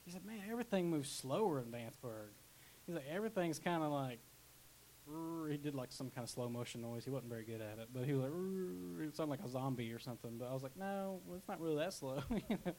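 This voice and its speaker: A man's voice: mid-range voice, animated, quick pace, darkish tone, poor audio. A young man preaching a casual sermon as pastor, chatty, with asides and restarts. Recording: faint hiss.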